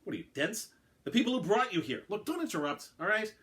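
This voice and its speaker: A brash, bossy alien announcer, put on by a man reading aloud, pitched up above his usual voice. He rattles off rules impatiently and sounds irritated by questions. His delivery rises and falls in a lively way. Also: fast talker. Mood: flippant. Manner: flippant, impatient, chatty. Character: brash, sarcastic male alien game announcer.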